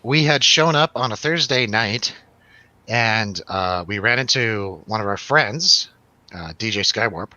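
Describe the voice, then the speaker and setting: A man's voice: fairly low pitch, animated, a little slow, pushed and bright, no room sound, highs cut off. A man hosting a radio show, telling a rambling, laughing, swearing story in a casual chat.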